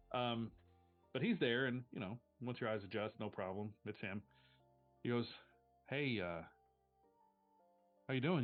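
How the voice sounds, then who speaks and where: A man runs a tabletop game, describing scenes in an easy, filler-heavy way. His voice sits in a middle pitch and comes through thin and phone-like, with faint music underneath. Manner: relaxed, many fillers. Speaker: game master. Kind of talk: narrating a tabletop game on a live stream. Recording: tinny lo-fi stream audio, faint music.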